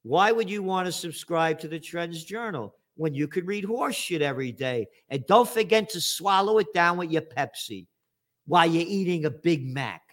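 A man delivering a political commentary rant, sarcastic and profane, rising to angry shouts. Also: fairly high pitch, expressive, normal speed.

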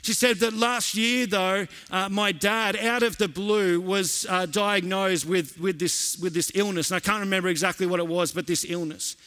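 Man, pastor, high bright voice, earnest sermon delivery that swells with passion. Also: steady tone, normal speed, hardly any pauses. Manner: earnest storytelling, building to impassioned emphasis. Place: church auditorium, preaching live to a congregation.

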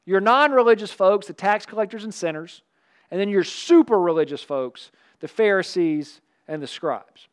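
Pastor, man, light high voice, chatty animated preaching with jokes. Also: normal speed, clear, resonant tone. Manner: animated, conversational preaching with asides and humor. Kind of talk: sermon.

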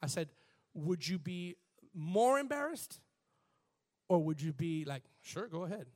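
A pastor preaching a lively sermon to his congregation, leading chants and call-and-response and rising to shouts. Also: high voice, a little slow. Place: church before a live congregation.

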